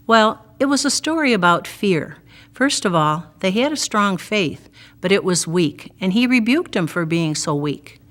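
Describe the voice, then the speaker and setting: A woman's voice: medium pitch, lively intonation, unhurried, fairly bright tone. A Catholic sister giving a devotional gospel reflection, retelling the story vividly and asking her listeners direct questions.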